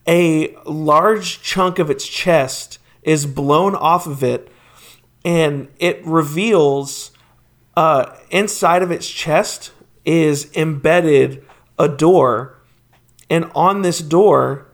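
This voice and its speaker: A man narrating a tabletop game as game master, slow and descriptive. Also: fairly high pitch.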